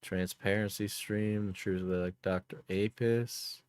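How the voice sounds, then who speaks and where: Man streamer doing unhurried reaction commentary, joking with chat, on a dry close mic. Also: on the low side, steady tone, darkish tone, no echo. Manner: joking, laughs often, talks to chat. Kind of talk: casual livestream reaction commentary.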